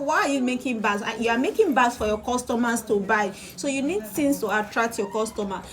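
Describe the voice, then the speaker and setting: A woman's voice: a little high, slight background noise. A woman, a bag-making instructor giving a live-streamed sewing tutorial, chatty and repeating phrases for emphasis. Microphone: phone or camera on a live video.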